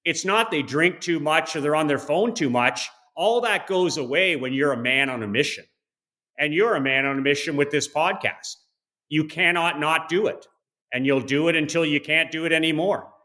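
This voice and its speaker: A man's voice: a little high, moderate pace, bright, forceful tone. A man in his forties, a podcast guest telling motivational stories in a blunt, emphatic way, swearing freely. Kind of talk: motivational storytelling.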